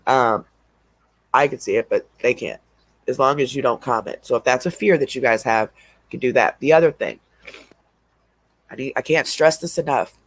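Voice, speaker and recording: A man hosts a casual livestream, stuffy and sniffling from allergies. He rambles in a drawl at an everyday pitch. His voice sounds close and dry, with no room around it. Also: moderate pace, long pauses, dry recording. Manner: rambling, drawling, laughs between remarks. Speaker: livestream host.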